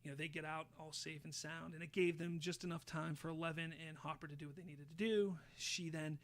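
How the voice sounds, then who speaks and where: A man hosting a podcast, casually retelling a show's plot with lively, swear-laden storytelling. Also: on the high side, fairly quick. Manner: animated storyteller, swears freely, acts out quotes. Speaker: podcast host.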